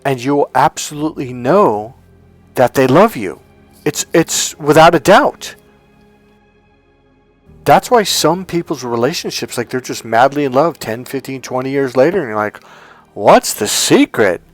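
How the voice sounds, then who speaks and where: A man coaching on dating talks casually and tells personal stories, often dropping into the voices of the people he quotes. His voice sits in an ordinary middle pitch. The recording is dry and close, with no room echo. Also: a little slow, soft background music. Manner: animated storyteller, acts out quotes.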